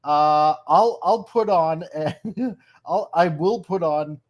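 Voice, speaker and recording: A man's voice: a little high, slow, dull audio. A man chatting as a podcast guest, eager and stumbling over restarts and fillers. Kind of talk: casual chat.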